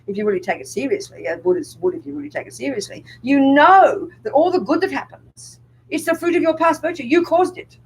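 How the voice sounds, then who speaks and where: A woman's voice: a little high, slight background noise, rough recording. An older woman, a Buddhist nun, giving a public dharma talk and pressing her audience with rhetorical questions.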